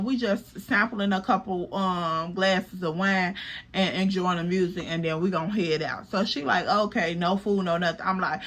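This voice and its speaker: Young woman, bright animated storyteller voice, vlog storytime. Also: medium pitch. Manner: animated, chatty, profane, addresses viewers as girl. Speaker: storytime vlogger. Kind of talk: casual storytelling.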